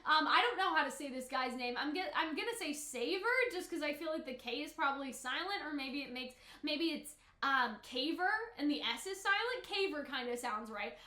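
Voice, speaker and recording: A woman with a high, bright voice chatting through casual reaction commentary from her desk at home. She talks in an emotional, rambling way, packed with "like" and "you know." The room gives her voice a noticeable echo. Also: expressive, moderate pace, hardly any pauses. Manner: chatty, filler-heavy, emotional. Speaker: anime reaction youtuber.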